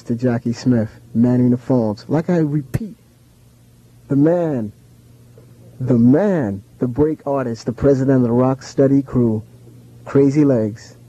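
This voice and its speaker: Male radio DJ, dark and mellow, rattles off listener shout-outs over a dull lo-fi broadcast. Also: mid-range voice. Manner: rattles off names in a steady list.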